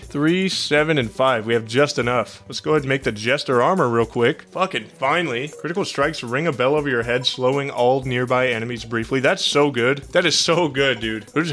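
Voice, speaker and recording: A young man giving excitable, profane gameplay commentary as a gaming channel host, with panicky outbursts. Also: medium pitch.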